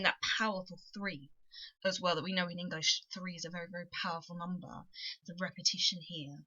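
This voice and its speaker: Woman, tutor, poetry lesson, emphatic, somewhat low voice, dull lo-fi recording. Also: bright, forceful tone. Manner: emphatic teacherly explaining with repeated phrases. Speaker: English tutor.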